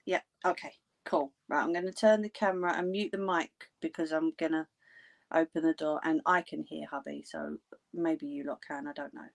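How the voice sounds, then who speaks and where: A woman's voice: deep voice, lively intonation, normal speed. A woman chatting casually with viewers on a craft livestream. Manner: chatty, talks to viewers in the chat.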